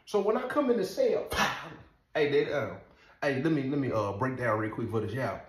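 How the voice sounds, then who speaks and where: A man telling a story in a casual, animated way, laughing often and asking "you know what I'm saying". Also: medium pitch, fairly quick. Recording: roomy echo.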